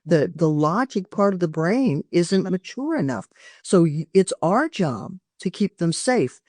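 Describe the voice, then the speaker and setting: A woman's voice: fairly low pitch, big pitch swings, a little slow, a little mellow, no room sound, clean studio sound. An older woman, a parenting expert guest on a podcast interview, giving earnest, emphatic advice and often restarting her sentences.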